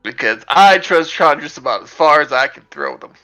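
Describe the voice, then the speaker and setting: A man's voice: fairly high pitch, animated, moderate pace, gravelly, bright, forceful tone, soft background music, low-quality recording. A man playing a tabletop game, chatting casually, rambling and laughing as he jokes with the group. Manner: rambling, joking, laughs often. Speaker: player.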